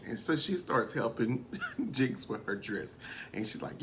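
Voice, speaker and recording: A man giving a casual, gossipy recap of a reality show, animated and quick to laugh as he tells it. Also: medium pitch, slight background noise. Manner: gossipy and animated, often laughing, slips into quoting.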